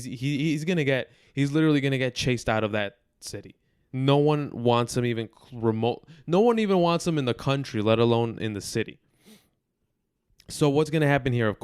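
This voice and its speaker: Young male podcast host, mid-pitched, blunt football rants, crisp voice, dry close sound. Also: no room sound. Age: 20s. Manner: frustrated, blunt, repeating himself for emphasis. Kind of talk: football commentary monologue.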